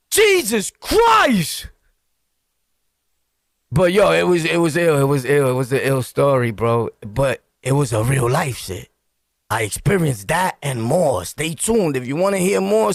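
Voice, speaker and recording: Middle-aged New York man, vlogger storyteller, lively high voice with gravelly edges, dry close sound, slangy and laughing. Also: no echo. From Brooklyn, New York. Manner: acts out scenes with loud yelps and sound effects; slangy, laughing, talks straight to viewers. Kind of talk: animated street storytelling.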